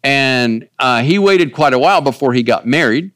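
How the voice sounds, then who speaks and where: A man's voice: medium pitch, lively intonation, normal speed, fairly bright tone, no echo, clean studio sound. A man preaching a conversational sermon, folksy and rambling, often turning to ask the listeners if they follow. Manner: folksy, rambling, asks the audience. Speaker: pastor.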